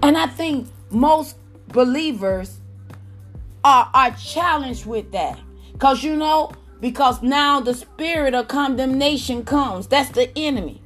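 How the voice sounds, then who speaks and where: A woman delivers a fervent sermon in a high voice, drawing her phrases out slowly. She exclaims praise and calls out to her listeners as she goes. Soft music plays faintly behind her. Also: lively intonation. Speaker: preacher.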